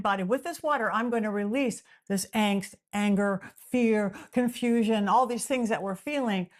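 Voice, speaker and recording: A woman talking as a podcast guest, explaining her ideas in animated, repetitive lists and sometimes acting out the voices of imagined people. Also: fairly high pitch. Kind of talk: explanatory interview talk.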